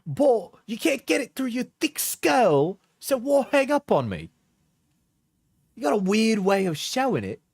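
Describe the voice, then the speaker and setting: Man putting on a shrill, petty young woman with a fake Cockney twang; falsetto, very sing-song, dry close sound. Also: very animated, gravelly, husky, no room sound, heavily acted. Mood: scornful. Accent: mock British, Cockney attempt. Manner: mocking falsetto, drawn-out whiny delivery. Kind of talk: mocking read-aloud of messages.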